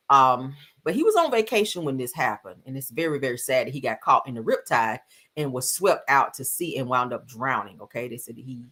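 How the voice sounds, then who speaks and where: Sassy, chatty woman with lively swings. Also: low voice. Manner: chatty, sassy, addresses viewers as y'all and honey. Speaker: celebrity gossip streamer. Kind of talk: casual chat.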